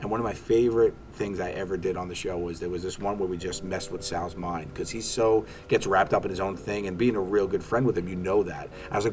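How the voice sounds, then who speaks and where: Fast and deep, with few pauses and a little hiss or hum, this Staten Island comedian talks as a guest in an easygoing interview. He tells stories animatedly and acts out the lines people said.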